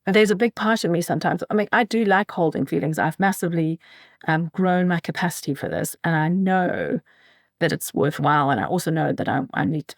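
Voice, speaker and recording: A woman hosting a solo podcast, talking in a candid, thoughtful way with frequent pauses and self-corrections. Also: lowish voice, no room sound, studio quality. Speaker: podcast host. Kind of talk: reflective solo podcast monologue.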